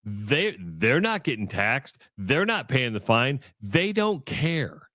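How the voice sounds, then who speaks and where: A man's voice: medium pitch, big pitch swings, slow pace, bright, forceful tone, no room sound, clean studio sound. A man co-hosting a sports radio show, chatting casually and joking, sometimes tripping over his words. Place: radio studio.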